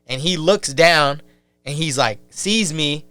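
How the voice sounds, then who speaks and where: A podcast guest, a man with a bright, crisp voice, rambles through a story in casual chat. He pitches a little high and uses plenty of filler words. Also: slow pace, dry recording. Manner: rambling, full of filler and swearing.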